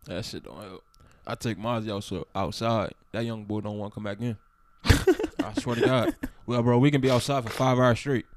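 A man's voice: very animated, moderate pace. Laid-back young man, rambling chat. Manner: laid-back, rambling, drops to a low mutter. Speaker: podcast co-host. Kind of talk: casual chat.

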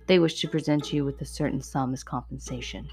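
A woman's voice: low voice, fairly even intonation, fairly quick, a little mellow, soft background music. A woman doing a stiff, subdued male messenger. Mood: formal. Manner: formal, subdued and hesitant.

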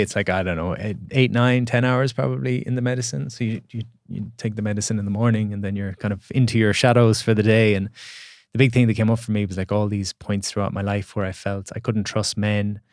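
A man, a podcast guest and coach, telling a reflective story in an earnest, halting way with repeated words. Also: on the low side, darkish tone, no echo, studio quality.

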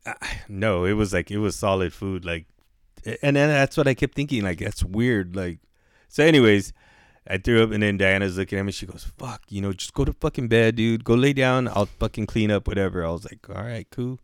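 A man's voice: fairly low pitch, a little fast, clean tone, dry recording, studio quality. A man casually telling a long story to a friend, rambling and swearing, full of "like" and "dude". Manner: profane, rambling, heavy with "like" and "dude".

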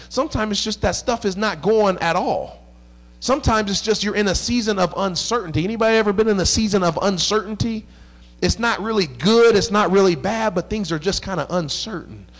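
A man preaching in a church, his voice pitched high for a man. He tells a long personal story in a lively, conversational way, slipping into the voices of the people in it. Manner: animated, conversational, acts out dialogue. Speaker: pastor. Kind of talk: storytelling sermon. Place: church sanctuary.

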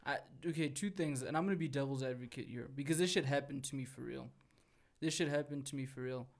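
A man's voice: medium pitch, quick pace, creaky. A young man from South Africa in a casual chat, talking animatedly, swearing freely and repeating himself for emphasis.

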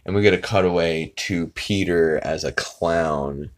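A man with a very low voice casually recapping a cartoon episode for his podcast. He rambles and stays animated throughout. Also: measured pace. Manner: rambling and animated, acts out character lines. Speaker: podcast host.

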